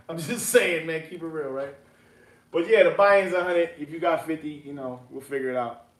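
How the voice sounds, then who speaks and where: A man with a high voice leads a money seminar in a fiery, profane, exhorting style. The sound is roomy and echoey around him. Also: normal speed. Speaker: seminar host. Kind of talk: impassioned motivational seminar talk.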